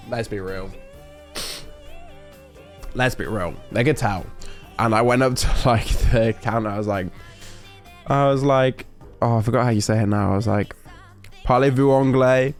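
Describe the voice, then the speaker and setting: A man's voice: on the low side, normal speed, pauses often, faint music behind. A young man from the UK telling a story in casual stream chat, rambling and interrupting himself, laughing often.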